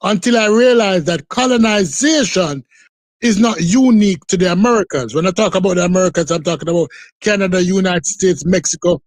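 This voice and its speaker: Insistent high-voiced man on a panel. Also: a little fast, no room sound. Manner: insistent, repeats himself to take the floor. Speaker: podcast panelist. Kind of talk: casual debate chat.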